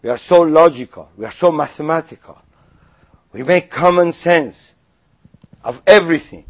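A man giving a sermon, acting out skeptics' questions in a raised voice and sinking to quiet asides. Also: a little high, moderate pace. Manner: animated, voices mock objections then drops to quiet asides. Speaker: rabbi.

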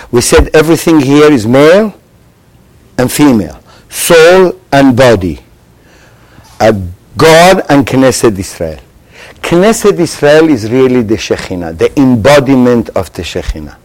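A man teaching a Torah lesson to a live class. He quizzes his listeners with rhetorical questions and swings between loud emphasis and hushed asides. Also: a little high, low-quality recording. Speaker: religious teacher.

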